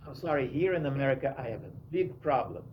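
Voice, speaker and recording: A man with a Russian accent telling stories in a casual talk, halting often and searching for his words. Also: medium pitch, expressive. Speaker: speaker telling personal stories. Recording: muffled recording with faint hiss.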